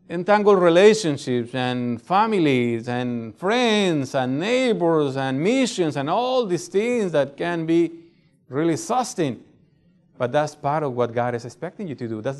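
A middle-aged man with a non-native English accent, preaching a sermon in a conversational way and often checking in with "right?". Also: on the high side. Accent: non-native English speaker. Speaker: pastor.

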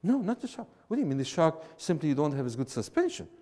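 A man, teaching a class in an emphatic, animated way and repeating his points. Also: a little high, fast talker, in a large hall. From Syria. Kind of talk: classroom lecture with banter.

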